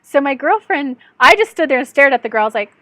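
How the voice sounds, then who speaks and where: A woman with a high voice tells a personal story straight to her viewers, chatty and candid, poking fun at herself. She speaks as an intuitive channel and life coach, recorded dry and close with no room sound. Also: animated, quick pace, fairly bright tone, dry recording. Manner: chatty, candid, self-deprecating, often calls viewers "guys". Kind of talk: storytelling vlog addressed to viewers.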